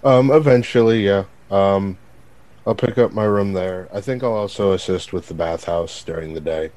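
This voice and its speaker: A man taking part as a player in a tabletop game, speaking in a relaxed, hesitant, joking way. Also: low-pitched, normal speed. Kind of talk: casual tabletop play.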